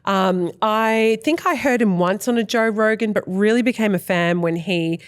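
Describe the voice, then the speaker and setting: A woman's voice: medium pitch, moderate pace, smooth, no echo. A woman hosting a podcast in casual chat, chatty, laughing easily and swearing casually. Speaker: podcast host.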